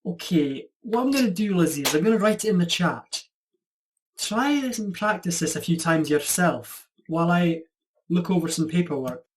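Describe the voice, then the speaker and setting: A performer playing a quirky Scottish accent coach with a Scottish accent, patient and a bit teasing, in an online student drama over a video call. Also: male voice, sits high, lively intonation, normal speed. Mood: businesslike. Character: quirky Scotsman accent teacher.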